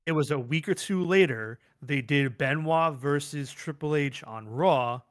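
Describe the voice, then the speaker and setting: A man's voice: fairly high pitch, a little slow. A man co-hosting a livestreamed wrestling talk show, chatting casually and animatedly, acting out quotes as he goes. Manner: animated, rambling, acts out quotes. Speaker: podcast co-host.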